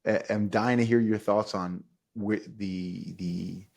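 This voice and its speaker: Slow and gravelly, with a lowish pitch, this middle-aged man hosts a podcast full of casual storytelling. He performs the quotes he recounts and laughs a lot along the way.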